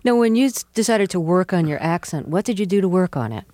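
A woman interviewer asking measured, long framing questions. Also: fairly low pitch, lively intonation, mellow, dry recording.

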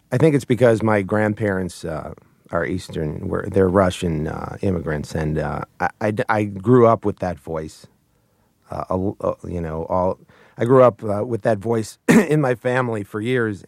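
Man, lowish voice, casual interview, halting speech, chuckles, dry close studio sound. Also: vocal fry, darkish tone, no room sound. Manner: hesitant, full of restarts and chuckles. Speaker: puppeteer guest.

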